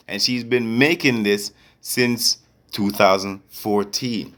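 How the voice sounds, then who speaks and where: A man's voice: fairly low pitch, normal speed, a bit bright. A man in an angry, confrontational rant to camera as a vlogger, repeatedly checking that listeners follow him. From Canada. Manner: confrontational, repeats "you get me".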